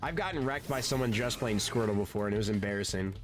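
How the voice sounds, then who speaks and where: A man's voice: fairly low pitch, animated, fast talker, music in the background. A man streaming a game and chatting casually, rambling and laid-back, often saying "dude" and swearing. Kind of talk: casual gaming stream chat.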